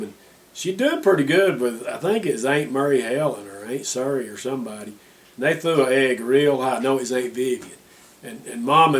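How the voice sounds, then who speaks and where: A man with a mid-pitched voice tells a funny family story with lively amusement. He sounds a little distant from the mic. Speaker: interviewee. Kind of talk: reminiscing interview.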